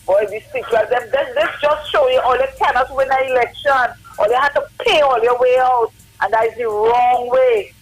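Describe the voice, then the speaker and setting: A woman's voice: high voice, normal speed, husky, low-quality recording. A woman with a Trinidadian accent giving a fiery, preachy political rant as a guest on a live stream, mocking her targets.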